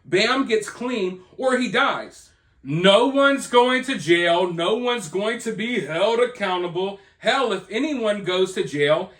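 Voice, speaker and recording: A man with a notably high voice rants through a commentary vlog, sarcastic and mocking as he picks the topic apart. The sound is roomy, with a clear echo off the walls. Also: a bit bright. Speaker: commentary video host.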